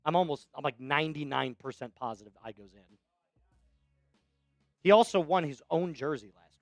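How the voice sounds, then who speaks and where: A man hosting a live sports stream, hyped up and shouting out viewers in the chat. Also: on the high side, lively intonation, normal speed, long pauses, no echo, clean studio sound, faint music behind. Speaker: livestream host.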